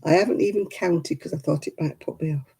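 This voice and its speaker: A woman's voice: low voice, fairly quick, warm tone, husky, rough recording. A woman hosting a crafting livestream, chatting casually with viewers and grumbling about television. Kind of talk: casual chat with viewers while crocheting.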